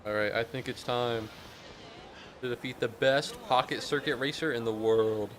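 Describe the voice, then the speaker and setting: A man giving casual gameplay commentary, rambling and profane, bursting into excited yelling. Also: mid-range voice, normal speed, slight background noise. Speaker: gaming YouTuber.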